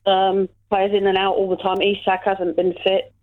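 A woman's voice: medium pitch, monotone, moderate pace. A woman calling in to chat about football, hesitant and full of fillers. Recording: tinny phone line.

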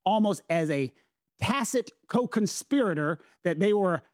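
A man as a podcast guest explaining a legal case in an earnest, measured way. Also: high-pitched, animated, a little mellow, dry recording, studio quality. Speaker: podcast guest, constitutional law commentator. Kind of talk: explanatory conversation.

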